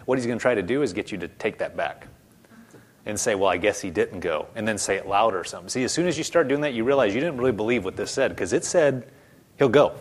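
A man's voice: mid-range voice, animated, quick pace. A man preaching a sermon in a conversational way, stumbling over repeated words and acting out quoted voices. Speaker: pastor.

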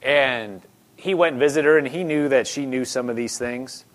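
Man preaching in an easy, conversational way. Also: mid-range voice. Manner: conversational preaching, slows down and stresses key phrases. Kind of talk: sermon.

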